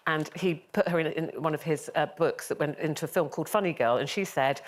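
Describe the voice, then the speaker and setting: A woman's voice: low-pitched, quick pace. A woman hosting a talk show, prompting the guests with questions and laughing often. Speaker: host. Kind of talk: casual chat.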